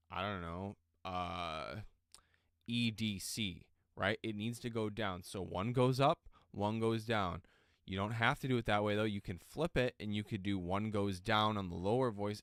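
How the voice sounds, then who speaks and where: A man's voice: lowish voice, fairly bright tone, clean tone, dry recording, studio quality. Rambling young man chatting on a livestream. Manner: rambling, filler-heavy, explains with "okay?" check-ins. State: voice getting worn out. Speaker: livestream host. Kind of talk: casual livestream chat and guitar teaching.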